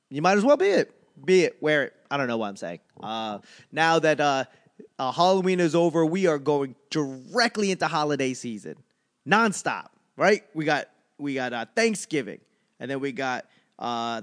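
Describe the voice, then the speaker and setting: A man doing a rambling, animated stand-up comedy monologue, ranting with frequent fillers. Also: mid-range voice.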